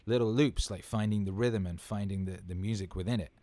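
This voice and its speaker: A thirty-something man runs a casual livestream Q&A, enthusiastically rambling, swearing without restraint, and doubling up words for emphasis. His voice is lowish and dark, with a steady tone and a brisk pace.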